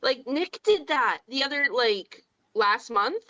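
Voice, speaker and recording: A woman's voice: high-pitched, lively intonation, slow pace, bright, forceful tone, no room sound, lo-fi sound. A woman in her forties co-hosting a podcast, blunt and swearing freely as she acts out family arguments. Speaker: podcast co-host. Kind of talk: casual chat.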